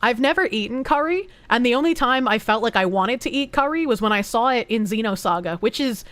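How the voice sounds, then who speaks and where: Young woman streamer, fairly high voice, dry close sound, casual and profane, reads out donations and chats. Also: animated, a little fast, a bit bright, no echo. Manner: reads donation messages aloud, thanks supporters, swears casually. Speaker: streamer reading chat. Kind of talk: casual livestream chat.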